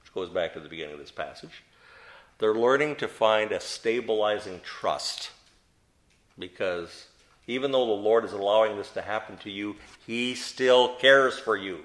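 A man's voice: lowish voice, normal speed, a bit bright. A man teaching a Bible study to a group, asking them questions and answering them himself, with emphatic stress on key words.

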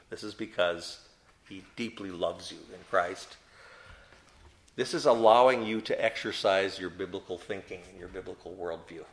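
A man teaching a Bible study to a group, asking them questions and answering them himself, with emphatic stress on key words. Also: medium pitch.

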